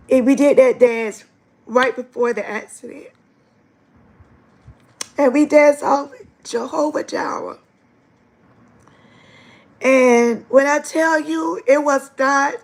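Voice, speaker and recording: A woman hosts her own livestream and speaks straight to the viewers, sharing a faith testimony. Her voice sits high and carries a gravelly fry. She talks in an earnest, emotional way. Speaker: livestream host. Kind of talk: live-stream faith testimony.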